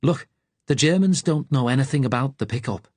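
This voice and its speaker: A man's voice: medium pitch, lively intonation, fairly quick, darkish tone, husky, dry recording, pitched above the performer's own voice. A man voicing an indignant male resistance fighter with a Liverpool accent. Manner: indignant, protesting.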